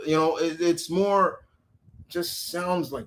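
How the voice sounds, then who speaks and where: A man's voice: on the high side, takes it slowly. Rambling man in casual chat. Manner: rambling, restarts often, animated quotes. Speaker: channel host.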